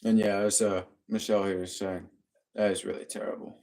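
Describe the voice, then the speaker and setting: A cheerful man with a fairly low voice chats on a live stream and reads viewer comments aloud. He laughs easily and keeps the tone upbeat. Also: little pitch movement, brisk, darkish tone. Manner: upbeat, laughs often, talks to his dogs. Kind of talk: casual live-stream chat reading comments.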